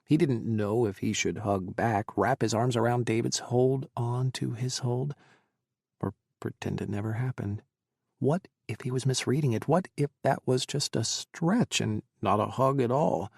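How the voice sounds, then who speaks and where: A man narrating an audiobook in an even, measured reading. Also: mid-range voice, gravelly, breathy edge, no echo, studio quality. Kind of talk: scripted narration.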